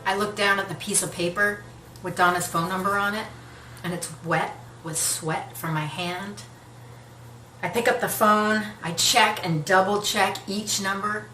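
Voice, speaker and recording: A woman in her thirties performing a solo theatrical story, swinging from hushed narration to frantic shouting, recorded on a stage. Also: mid-range voice, fairly even intonation, a little slow, a little hiss or hum. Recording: roomy echo, distant mic, faint ambience.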